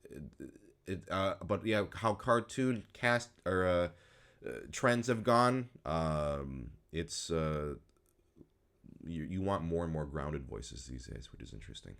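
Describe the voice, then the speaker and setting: A man in his thirties, a voice actor, giving casual commentary in a relaxed, rambling way, with many fillers and trailing-off phrases. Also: low voice, slow. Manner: says his own speech is not super crisp. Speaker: voice actor and YouTuber.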